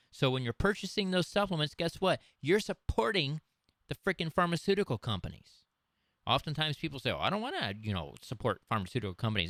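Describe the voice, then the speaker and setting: A man's voice: a bit bright, dry recording. Guy ranting about health stuff on a webcast, preachy and pushy, super dry close sound. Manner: emphatic, preachy, pitch jumps up when making a point. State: dry throat. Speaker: health practitioner giving a webcast. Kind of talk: unscripted webcast talk to camera.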